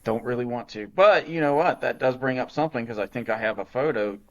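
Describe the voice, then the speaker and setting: A man's voice: medium pitch, a little fast. A man co-hosting a podcast in casual, rambling chat, swearing now and then. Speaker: podcast co-host.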